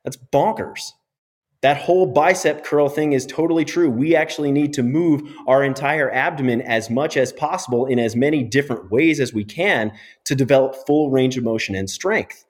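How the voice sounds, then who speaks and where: A middle-aged man, a physiotherapist guest on a podcast interview, explaining in an animated and emphatic way. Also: mid-range voice, moderate pace.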